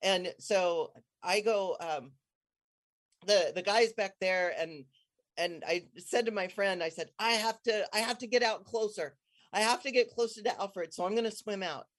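A speaker in casual conversation telling a personal story with excitement, rambling through restarts and jumping into high, squealing tones whenever quoting themselves. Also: unhurried. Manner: rambling, many restarts and trailing phrases.

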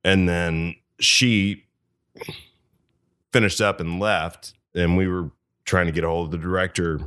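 A man with a Southern US accent, a podcast guest telling stories in a halting, self-deprecating way. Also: low voice, fairly even intonation, fairly bright tone, smooth, no echo, studio quality. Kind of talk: casual chat.

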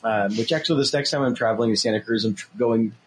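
Fast-talking man podcast co-host. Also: mid-range voice, slight background noise. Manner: fast, relaxed, jokey. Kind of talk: casual chat.

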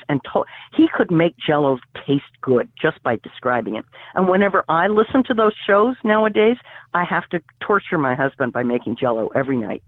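A woman who teaches college, telling a history story in a lively, digressive way full of fillers and restarts. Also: low voice, no room sound. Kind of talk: animated storytelling about radio history. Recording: phone-like, dry sound.

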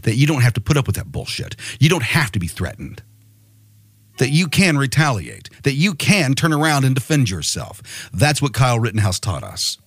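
A man's voice: mid-range voice, sing-song, normal speed, husky, dry recording. A man hosting a podcast, delivering a rousing monologue full of rhetorical questions. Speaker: podcast host.

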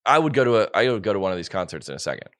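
A man's voice: fairly low pitch, sing-song, very fast, a bit bright, dry recording, clean studio sound. A man co-hosting a podcast in casual chat, rambling and joking while he corrects himself. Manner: rambling, jokey, self-correcting. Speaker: podcast co-host.

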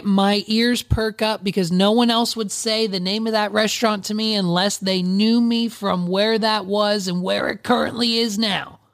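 A man's voice: high-pitched, a bit bright, no echo, studio quality. Rambling young man telling a story. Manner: rambling, full of fillers and asides. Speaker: podcast host and wedding DJ. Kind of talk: casual storytelling.

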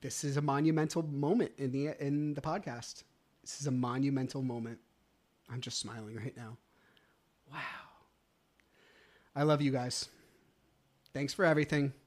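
A man in the middle of his voice range talks alone into a podcast mic, overwhelmed with relief. His delivery is raw and heartfelt, cursing freely and sinking at times to a hushed near-whisper. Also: medium pitch, steady tone, moderate pace. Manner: emotional, grateful, swears often, drops to a near whisper. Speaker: podcast host. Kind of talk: solo podcast monologue.

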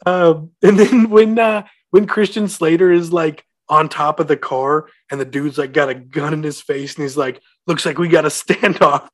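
A man's voice: on the high side, fairly even intonation, normal speed, few pauses. A man co-hosting a podcast, animatedly quoting and laughing about movie lines. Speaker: podcast co-host. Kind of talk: casual movie discussion.

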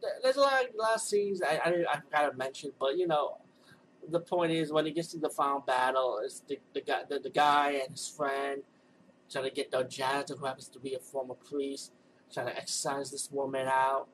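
Guy rambling through a movie review, mid pitch, chill and loose, keeps restarting. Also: brisk, a bit bright, a little hiss or hum, low-quality recording. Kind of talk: casual spoken movie review.

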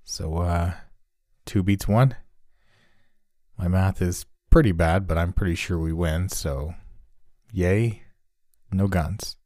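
An easygoing young patrol cop in a horror story reading, as a man puts him on. He talks casually and a little nervously, in a low, mellow voice. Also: slow, long pauses, no echo, clean studio sound. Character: easygoing young male patrol officer, joking.

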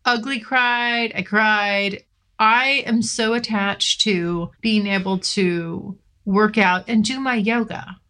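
Slow and fairly even in intonation, this medium-pitched woman's voice sounds pushed and bright. She hosts a California podcast and, on camera while recording, delivers a frank, expletive-filled solo rant punctuated by laughter.

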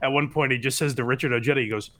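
A man's voice: mid-range voice, steady tone, rapid-fire, a bit bright. A man co-hosting a podcast in casual chat, playful and self-mocking with frequent chuckles. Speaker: podcast co-host.

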